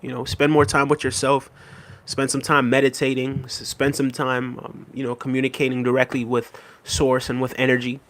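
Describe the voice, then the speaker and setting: A man hosting a casual livestream, reading out viewer comments and thanking them in a relaxed, easygoing way with soft laughs. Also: medium pitch, normal speed, a little hiss or hum. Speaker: livestream host. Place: New York City.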